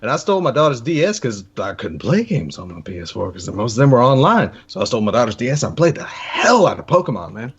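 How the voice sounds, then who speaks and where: A man's voice: mid-range voice, sing-song, fast talker, hardly any pauses, husky. A man co-hosting a casual gaming podcast, laid-back and rambling with lots of fillers. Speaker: podcast co-host. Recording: dull lo-fi audio.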